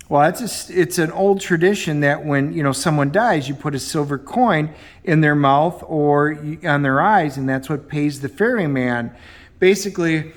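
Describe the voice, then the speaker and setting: A middle-aged man talks through a comic book review in a loose, chatty way. His voice sits a little high, and he fills pauses with ums as he recounts scenes. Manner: chatty, with frequent ums, acting out quoted dialogue. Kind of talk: casual review chat.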